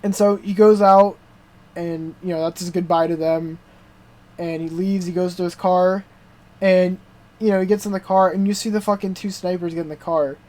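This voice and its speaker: A young adult man with a voice that sits high, speaking at normal speed, co-hosts a podcast and excitedly recaps a TV show in casual chat. He swears a lot and fills his talk with "dude" and "like."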